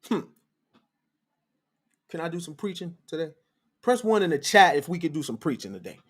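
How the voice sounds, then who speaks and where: Male livestream host, preachy and fiery, lively swooping pitch, repeats lines for emphasis. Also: normal speed, husky.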